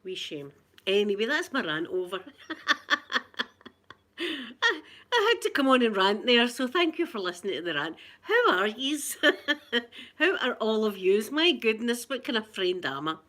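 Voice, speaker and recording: A woman's voice: fairly high pitch, big pitch swings, unhurried, pauses often. An older Scottish woman, a grandmother, chatting casually on a livestream and greeting viewers by name. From Scotland. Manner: chatty, warm greetings to viewers, frequent laughter. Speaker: livestream host. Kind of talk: casual live chat with viewers.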